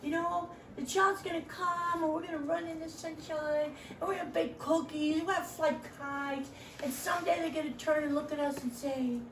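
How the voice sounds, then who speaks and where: Middle-aged woman running a volunteer training, bit high voice, jokey, acts out quotes, echoey room. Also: fairly even intonation, normal speed, a bit bright, far from the mic, a little hiss or hum.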